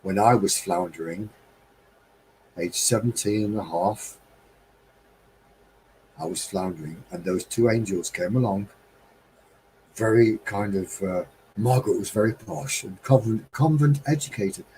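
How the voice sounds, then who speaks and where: A man's voice: lowish voice, measured pace, pauses often, mellow, a little hiss or hum, low-quality recording. A middle-aged man from England hosting a live stream, musing in a heartfelt, rambling, wistful way. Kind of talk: reflective casual monologue.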